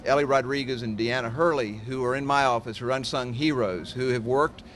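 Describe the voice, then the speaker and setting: A man, a county commissioner, giving a formal speech in a halting way, with many pauses and fillers. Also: medium pitch, steady tone, a bit bright, slight background noise.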